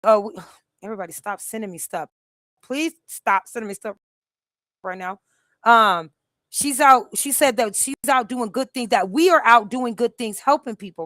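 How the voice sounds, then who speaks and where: Animated woman telling a story live. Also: a little high, normal speed, no room sound, clean studio sound. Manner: animated, emphatic storytelling with many restarts. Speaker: host. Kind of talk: casual live stream storytelling.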